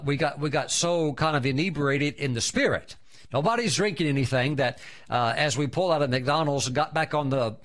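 A male pastor preaching a lively sermon, telling anecdotes and breaking into exuberant shouts of hallelujah and praise. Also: medium pitch.

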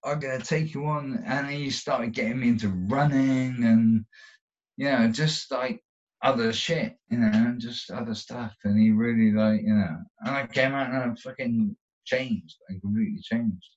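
A man in a candid interview recounts his own story as the guest, meandering, cursing heavily and starting over many times. He talks at a moderate pace with a steady tone and a darkish, mid-range voice. The recording sounds dull and lo-fi.

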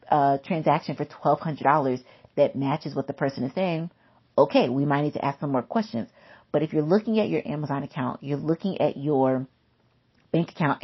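A woman's voice: low voice, husky, highs cut off. A woman giving an instructional talk about scams, emphatic and chatty, repeating key points. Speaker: consumer safety educator.

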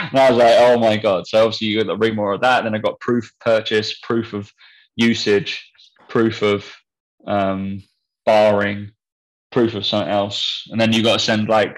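A young man with a lowish voice tells a story in a loose, casual chat. He is blunt and swears freely. His delivery is animated. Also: poor audio. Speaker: podcast co-host.

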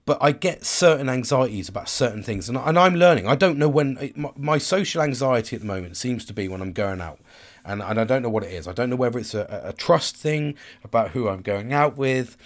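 A man speaks in an open, rambling way, full of restarts, and swears freely. His pitch sits in an ordinary middle range for a man. He sounds like a casual, unscripted personal monologue. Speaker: vlogger.

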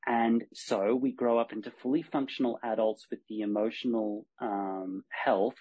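A husky-voiced man, talking as a guest on a podcast. He tells stories with energy and acts out what each person says. The recording sounds a little dull and lo-fi. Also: medium pitch, normal speed. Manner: animated storyteller, acts out dialogue. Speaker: horsemanship coach, guest. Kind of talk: podcast conversation.

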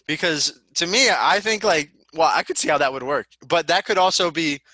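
A comedian guest from Connecticut chatting casually, rambling and restarting his sentences. His voice is fairly high and very bright, almost sharp. The recording is dry and close-miked. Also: expressive, dry recording. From Connecticut, USA. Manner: rambling, halting, restarts often. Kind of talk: casual chat.

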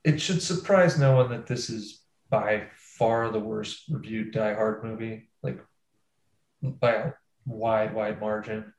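A man hosting a casual movie-review podcast, leading the talk with sarcastic, quick storytelling. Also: fairly low pitch, darkish tone, roomy sound, low-quality recording. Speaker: podcast host.

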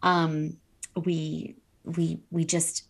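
A woman's voice: deep voice, completely flat delivery, very slow, gravelly. A woman in casual conversation, affirming and reflective, swearing casually as she talks. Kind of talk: casual chat.

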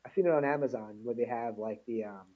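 A man's voice: medium pitch, fast talker, crowd noise. A man co-hosting a casual podcast, agreeable and hesitant, with lots of fillers and restarts. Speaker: podcast co-host. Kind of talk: casual chat. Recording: dull lo-fi podcast audio.

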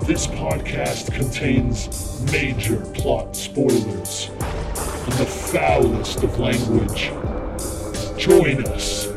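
A man delivering a slow, ominous, theatrical scripted horror podcast intro. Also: medium pitch, gravelly. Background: loud music.

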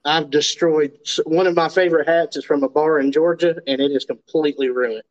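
Appalachian man, slightly higher voice. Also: steady tone, fairly quick, lo-fi sound. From Appalachian North Carolina. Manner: self-deprecating joking. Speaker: podcast guest. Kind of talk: casual podcast chat.

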